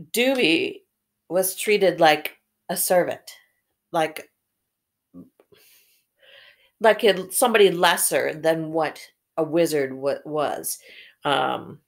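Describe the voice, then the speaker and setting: Slow, careful woman reading aloud. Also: low-pitched. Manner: slow, careful, stops to correct misread words. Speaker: reader. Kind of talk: read-aloud with think-aloud comments.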